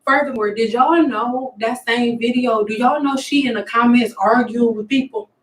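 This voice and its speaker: A woman's voice: on the high side, normal speed, roomy sound, far from the mic, poor audio. A woman hairstylist talking bluntly and candidly to her viewers from her salon. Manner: outspoken, blunt storytelling. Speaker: hairstylist vlogger. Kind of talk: candid vlog chat. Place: hair salon room.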